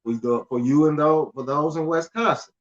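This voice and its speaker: A man's voice: fairly high pitch, a little fast. Loose-talking man, dull lo-fi sound. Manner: loose and conversational, stumbles and repeats words, laughs at himself. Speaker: finance channel host. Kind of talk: casual livestream talk reading news aloud.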